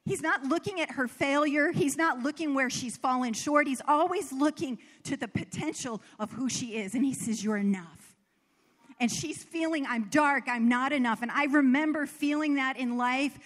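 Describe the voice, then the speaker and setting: A woman from the American South gives a sermon, weaving earnest personal stories and laughing at herself now and then. Her voice sits high. It rings out with a long reverb, as in a large hall. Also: moderate pace. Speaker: preacher.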